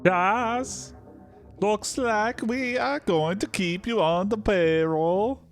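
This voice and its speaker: A man's voice: sits high, slow pace, soft background music, pitched above the performer's own voice. A man putting on a mock Danish accent to play a pompous male investor boss in an improvised comedy story. He uses an exaggerated, strained put-on voice. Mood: bossy.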